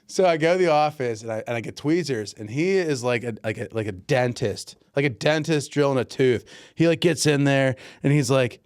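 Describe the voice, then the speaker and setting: Man, podcast co-host, casual storytelling, animated, acts out voices. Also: medium pitch, fast talker, few pauses, clear, resonant tone. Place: Pennsylvania.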